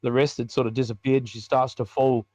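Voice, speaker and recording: A man's voice: mid-range voice, little pitch movement, a little fast, a little mellow, dry recording, dull audio. An Australian man, a biker ministry leader, telling a personal story in a podcast interview in a colloquial, vivid way and acting out the dialogue.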